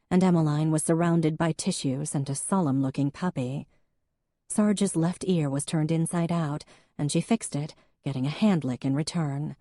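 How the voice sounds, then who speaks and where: A woman's voice: warm tone, no room sound, clean studio sound. A woman narrating an audiobook, acting out the characters in a heated argument. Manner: voices characters with rising pitch and force in heated dialogue.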